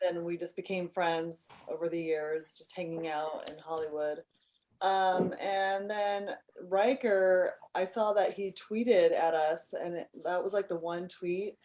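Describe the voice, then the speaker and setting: Woman, band member, interview guest, confident, relaxed, low pitch. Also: unhurried, rough recording. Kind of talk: casual interview over a video call.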